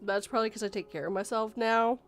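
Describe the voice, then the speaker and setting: A woman's voice: fairly high pitch, fast, soft background music. A woman hosting a casual live stream podcast, chatting with guests, teasing and laughing often. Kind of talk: casual chat.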